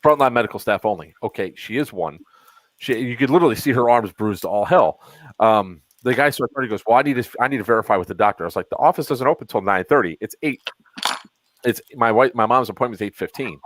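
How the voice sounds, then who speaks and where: A man's voice: mid-range voice, lively intonation, quick pace, fairly bright tone, dry recording, low-quality recording. A man in his thirties hosting a podcast, telling a story in an exasperated, casual way and acting out both sides of the dialogue. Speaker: podcast host. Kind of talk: casual chat.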